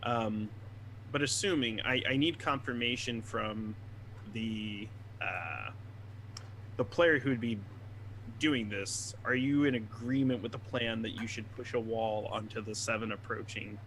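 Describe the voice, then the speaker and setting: A man's voice: mid-range voice, a little slow, a bit bright, slight background noise. A man narrating a tabletop game as game master, describing scenes and guiding the players through their rolls.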